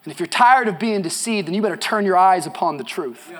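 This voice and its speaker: High-voiced preacher swinging from hush to shout. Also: male voice, lively intonation, a little fast. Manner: swings from hushed storytelling to shouted emphasis; casual slangy asides to the congregation. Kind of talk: energetic sermon.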